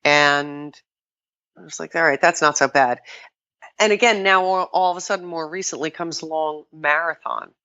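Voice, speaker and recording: An older woman, a podcast guest, chatting casually and telling lively stories, often quoting herself and laughing. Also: low voice, moderate pace, dull audio. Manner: animated storytelling, quotes herself, laughs often. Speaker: podcast guest, kettlebell sport athlete. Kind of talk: casual interview chat.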